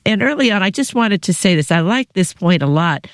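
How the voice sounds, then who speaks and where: A man's voice: sits high, brisk, no room sound. Chatty male interview host, dry sound. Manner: chatty, self-deprecating, animated asides. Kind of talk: conversational interview.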